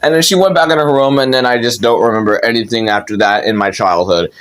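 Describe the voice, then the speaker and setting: A man's voice: mid-range voice, quick pace, a bit bright, clean tone. A young man telling a childhood story in casual, rambling storytelling, with lots of fillers and swearing.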